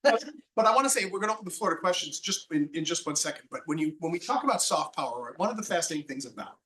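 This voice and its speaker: A man's voice: a little high, lively intonation, very fast, a bit bright, distant mic, slight background noise, low-quality recording. A man moderating a panel discussion in a casual, rambling way with frequent restarts.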